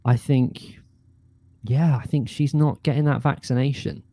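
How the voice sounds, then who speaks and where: A man, a guest actor chatting casually, animated and often laughing. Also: mid-range voice, unhurried, dry recording. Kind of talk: casual chat.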